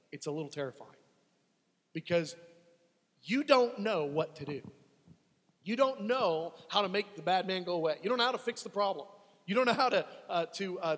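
Male preacher, high husky voice, dramatic delivery, heard with a long reverb. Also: fairly bright tone. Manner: dramatic, acts out desperate pleas to God. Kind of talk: sermon.

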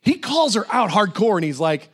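A man preaching a sermon in a church with a fairly high, very lively voice that rises and falls widely. He acts out Bible figures in casual, playful voices. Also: normal speed, slightly rough. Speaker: pastor.

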